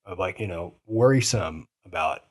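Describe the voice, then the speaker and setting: A man's voice: low-pitched, normal speed. A man co-hosting a podcast in casual chat, teasing his friend and rambling, swearing freely. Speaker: podcast co-host.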